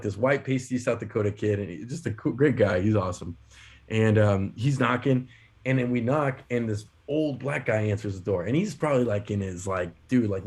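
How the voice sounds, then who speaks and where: A man co-hosting a podcast, telling funny stories in an animated way, laughing often. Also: fairly low pitch. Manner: animated, laughing, lots of fillers. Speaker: podcast co-host. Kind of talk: casual storytelling.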